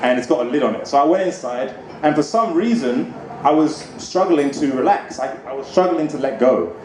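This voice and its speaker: A man doing a stand-up comedy set, animated and conversational, on a club stage with a handheld mic. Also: mid-range voice, a little fast. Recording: echoey club with background noise.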